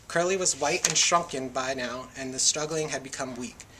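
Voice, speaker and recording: A man reading a novel aloud in a public library, with a steady, plain read-aloud delivery. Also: medium pitch, moderate pace, background noise. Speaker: volunteer reader.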